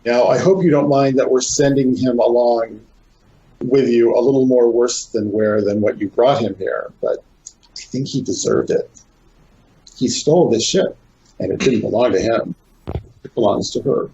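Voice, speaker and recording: A man voicing a composed, coolly polite woman doctor, speaking in a measured way. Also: mid-range voice, dark tone, dull audio, pitched below the performer's own voice, close to an everyday voice.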